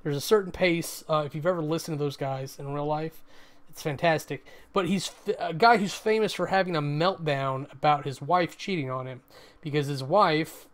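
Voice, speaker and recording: Guy rambling about shows he watched, lots of ums, swears a bit, smooth higher voice. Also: normal speed. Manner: rambling, full of fillers and swearing. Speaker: web show host reviewing what he watched. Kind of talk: casual review chat.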